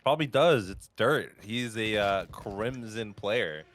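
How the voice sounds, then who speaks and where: A man casting a live online shooter match, excitable and quick to laugh, his voice jumping up on big plays. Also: on the low side, a little hiss or hum. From United States. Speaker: esports caster. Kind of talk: live game commentary.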